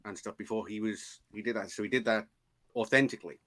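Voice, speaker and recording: A man's voice: lowish voice, fast, fairly bright tone. A man who is a guest on a podcast, chatting casually about a film and often repeating words as he thinks.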